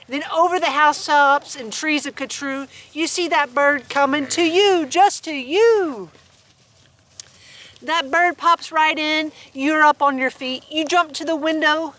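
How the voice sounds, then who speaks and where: A woman's voice: high-pitched, sharp tone. A woman reading a rhyming picture book aloud to her farm animals outdoors, playful and laughing between verses. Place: outdoors on a farm with sheep and dogs.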